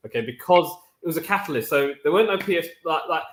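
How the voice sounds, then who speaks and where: A man's voice: a little high, animated, fast, echoey room. A man on a discussion panel, telling stories with animation and imitating other people's voices. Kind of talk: casual panel chat.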